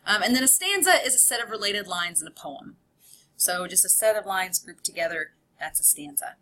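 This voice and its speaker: A woman college instructor talks her class through a recorded lecture, her voice bright and clear. She explains in a relaxed, conversational way, full of examples and little asides. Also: lowish voice, a little fast.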